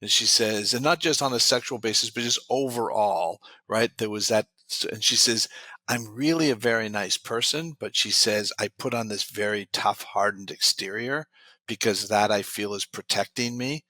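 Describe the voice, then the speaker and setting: A man's voice: on the low side, moderate pace, pushed and bright, no room sound. A man, a guest expert in an interview, telling client success stories and quoting what they said. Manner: retells client stories with many quoted lines. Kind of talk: interview storytelling.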